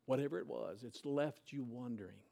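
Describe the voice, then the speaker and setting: A man's voice: mid-range voice, a little fast, vocal fry, dark tone. A man preaching a sermon, retelling a scripture story in casual, conversational words. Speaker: pastor.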